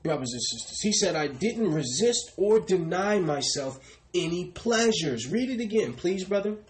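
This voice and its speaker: A man's voice: high-pitched, lively intonation, normal speed, low-quality recording. Preacher man, rising and falling emphasis. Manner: addresses "brothers and sisters" constantly, directs a reader. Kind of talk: sermon.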